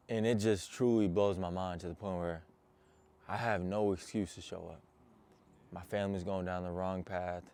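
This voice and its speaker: A man's voice: low voice, darkish tone. A young man, a motivational coach, talking earnestly and intensely straight to his viewers. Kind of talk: personal motivational talk to camera.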